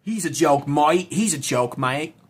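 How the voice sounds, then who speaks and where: A man putting on a sneering male heckler with a mock Australian accent, loud and drawling. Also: on the high side, expressive, a little slow, slightly rough. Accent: put-on Australian.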